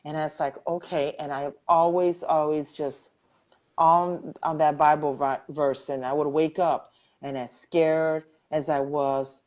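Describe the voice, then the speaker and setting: A woman's voice: low-pitched, little pitch movement, measured pace, a little mellow, highs cut off. A middle-aged woman earnestly sharing her personal story as a cancer survivor in a live online interview, often repeating phrases for emphasis.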